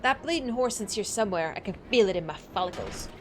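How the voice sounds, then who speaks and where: A woman voicing a gruff, blustering bald man with coarse, indignant talk. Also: mid-range voice, animated, quick pace, soft background music, close to an everyday voice.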